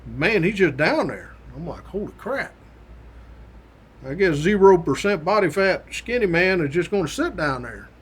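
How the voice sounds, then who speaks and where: A man's voice: high voice, big pitch swings, moderate pace, hardly any pauses, husky. Folksy man telling a story. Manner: folksy and colloquial, with mild swearing; acts out the quoted voices of others. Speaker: host recounting his academy days. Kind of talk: casual spoken storytelling.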